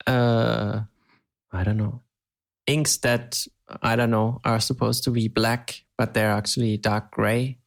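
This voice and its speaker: A man's voice: medium pitch, little pitch movement, takes it slowly, creaky. A man from Europe co-hosting a podcast, chatting casually, hesitant and laughing often. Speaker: podcast co-host. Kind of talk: casual chat.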